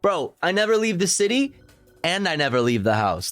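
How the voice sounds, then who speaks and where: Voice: mid-range voice, very animated, normal speed, a bit bright, dry recording, soft background music. A streamer reacting live from home, rambling with lots of swearing and laughter. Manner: profane, giggly, rambling.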